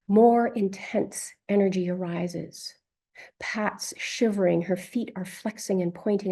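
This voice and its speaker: A woman therapist narrating a session account in a slow, gentle, measured way. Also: mid-range voice, breathy edge.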